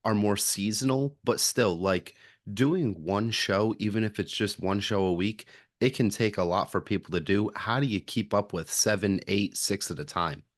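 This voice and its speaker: Low-voiced easygoing podcast host. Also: male voice, moderate pace, no room sound, studio quality. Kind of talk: casual interview chat.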